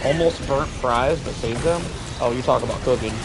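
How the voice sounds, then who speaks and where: A young man streaming a co-op shooter, joking with his chat and now and then bursting into shouts. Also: mid-range voice, moderate pace, music in the background. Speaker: game streamer. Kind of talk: casual gaming stream chat.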